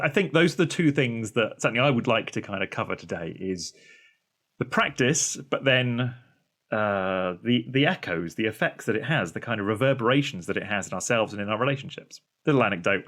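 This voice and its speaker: British man telling a lively story. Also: medium pitch. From Britain. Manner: animated storyteller, acts out quoted voices. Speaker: podcast co-host. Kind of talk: conversational podcast chat.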